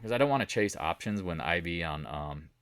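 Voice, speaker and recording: A man's voice: low-pitched, lively intonation, a little fast, fairly bright tone, smooth, dry recording, clean studio sound. A man from the Southern United States hosting a market recap, talking in a casual, rambling way and repeating his points. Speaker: stock trading video host.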